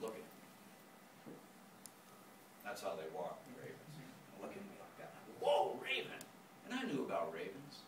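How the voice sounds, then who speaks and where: A man telling a personal story live, animated and given to imitating animal and singing sounds. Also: medium pitch. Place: lecture room. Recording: echoey room, distant mic, background noise.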